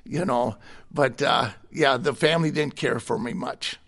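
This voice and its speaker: A man's voice: medium pitch, measured pace, gravelly, fairly bright tone. A middle-aged man giving a personal testimony in conversation, candid and plainspoken, with a chuckle between stories. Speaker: guest sharing his testimony.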